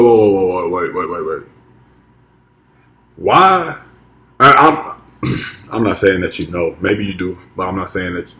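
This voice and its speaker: A man's voice: deep voice, a bit bright. A man co-hosting a podcast, asking questions and joking in casual chat. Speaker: podcast co-host. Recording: echoey room with faint noise.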